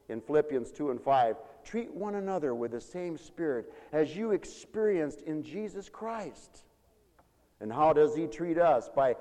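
A male preacher with a high voice that leaps all over the place, telling folksy stories in a sermon. His animated delivery rings out with a long hall reverb.

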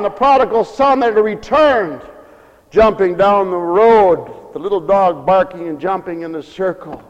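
A man preaching a storytelling sermon with animated, emphatic delivery. His voice sits very high. A long hall reverb hangs after each phrase. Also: lo-fi sound.

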